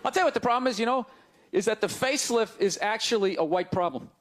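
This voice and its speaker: A man doing a stand-up comedy set on stage, ranting loudly and jabbing sarcastically at the audience. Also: sits high, expressive, fast talker, a little hiss or hum.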